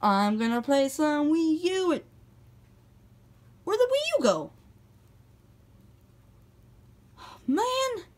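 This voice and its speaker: A woman voicing a grumpy, sarcastic male plumber hero in a homemade toy-figure video, with flat, dismissive speech. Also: mid-range voice, a little slow, close to an everyday voice. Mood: bored.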